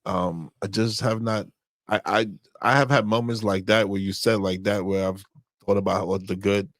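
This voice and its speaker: A man co-hosting a faith-based marriage podcast, speaking in a halting way as he searches for words. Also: on the low side, steady tone, no room sound, studio quality. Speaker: podcast co-host. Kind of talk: casual faith-based chat about marriage.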